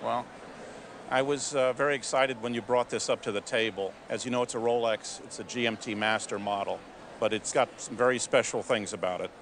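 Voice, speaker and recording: A man's voice: mid-range voice, fairly quick, a bit bright, slight background noise. Man appraiser asking questions. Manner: informative, interviewing. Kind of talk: TV appraisal interview.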